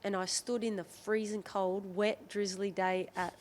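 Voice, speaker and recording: With a measured pace and mid-range voice, she tells candid podcast stories, an Australian rugby league player in her thirties. She's chatty, quotes people often, and slight background noise sits under the recording.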